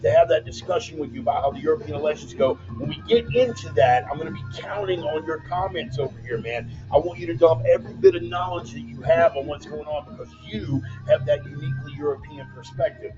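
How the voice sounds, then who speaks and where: Livestream host, male, slightly high voice, laid-back and joking, dull laptop audio with bumper music under him. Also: quick pace, hardly any pauses, mellow. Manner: loose, joking, calls listeners "man" and "brother". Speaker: host of a weekly online commentary show. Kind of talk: casual livestream talk reading viewer comments. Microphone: laptop mic.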